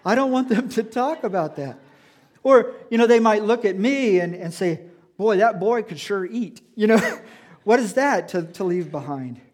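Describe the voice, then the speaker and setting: A man's voice: sits high, animated, moderate pace. A man preaching a sermon in a church, earnest and reflective, asking his listeners questions. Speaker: pastor.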